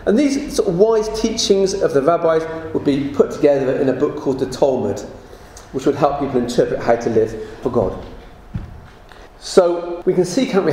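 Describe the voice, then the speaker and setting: A man's voice: fairly high pitch, darkish tone. Man preaching in a very echoey room. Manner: conversational teaching with rhetorical questions. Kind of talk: sermon. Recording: very echoey room with faint noise.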